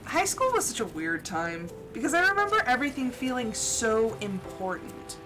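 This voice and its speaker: A woman's voice: fairly high pitch, very animated, moderate pace, poor audio. A young woman streamer chatting casually while she plays a game. She laughs often and acts out her own thoughts. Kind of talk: casual chat while gaming. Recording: game music playing behind. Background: background music.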